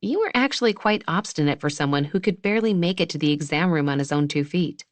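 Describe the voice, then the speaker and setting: Woman voicing a young woman doctor, wry, deadpan, low voice, dry recording. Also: quick pace, dry recording, natural voice.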